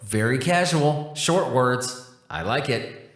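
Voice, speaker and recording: A man's voice: medium pitch, expressive, slow, a bit bright. A man voicing a laid-back, chatty, non-human tech support agent who talks in casual slang. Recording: roomy echo.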